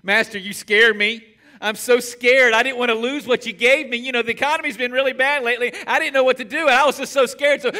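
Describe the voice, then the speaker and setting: A man's voice: fairly high pitch, fairly bright tone. A pastor voicing a frightened, lazy male servant who pleads nervously with his master.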